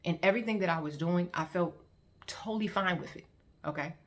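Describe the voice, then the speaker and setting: A woman telling her personal story as testimony, in an animated, repetitive storytelling manner. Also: fairly low pitch, a little fast, a little hiss or hum. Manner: animated storytelling with repeated phrases and acted-out quotes. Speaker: testimony vlogger.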